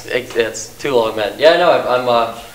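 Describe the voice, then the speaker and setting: A man's voice: medium pitch, normal speed. A young man talking as a guest on a campus talk show, chatty and wry, laughing often. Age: young adult. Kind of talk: casual interview chat. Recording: roomy echo, faint noise.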